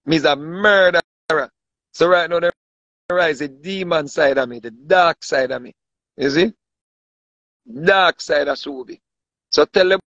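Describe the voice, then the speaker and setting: Here a man with a Jamaican accent delivers a casual, boastful rant to camera, repeating himself and often asking if you follow. He speaks a little high with a fairly bright tone. The audio is dry, dull, and lo-fi.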